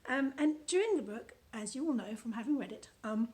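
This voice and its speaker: A woman's voice: on the high side, expressive, fairly quick, darkish tone. A British woman with a chatty, playful manner, casually reading from her own book and adding commentary. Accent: British English. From United Kingdom.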